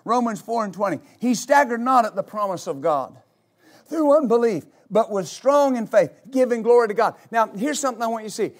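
High-voiced preaching pastor, man. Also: lively intonation, brisk. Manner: builds to shouted, repetitive exhortation. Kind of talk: sermon.

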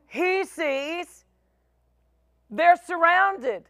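A middle-aged woman pastor with a high voice preaches a sermon, stretching out emphatic phrases and giving voices to the people in her stories. The recording is dry and of studio quality.

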